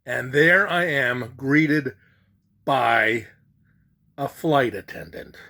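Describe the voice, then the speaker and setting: An older man telling a comic yarn, animated and laughing at his own jokes. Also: medium pitch, extremely slow, vocal fry. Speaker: storyteller. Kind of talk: comic storytelling. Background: faint guitar music.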